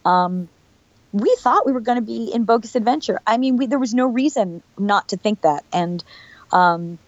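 Woman, chatty storyteller, animated, dry dull lo-fi sound. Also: on the high side, normal speed, no room sound. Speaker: actress guest. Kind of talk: casual interview chat.

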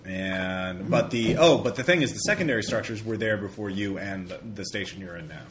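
A man running a tabletop horror game as game master, narrating in halting, restarting sentences. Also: lowish voice. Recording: echoey room, faint hiss.

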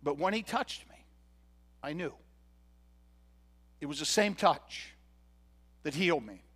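A man's voice: high-pitched, fairly bright tone. A pastor playing a once-blind man who was healed, telling his own story in an earnest first-person sermon monologue. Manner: earnest storytelling with quoted dialogue.

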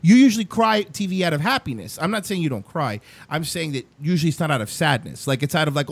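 A young man hosting a loose chat show, ranting and swearing with emphasis. His voice sits fairly high and swings widely in pitch. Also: animated, fast talker, hardly any pauses, dry recording. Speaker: show host.

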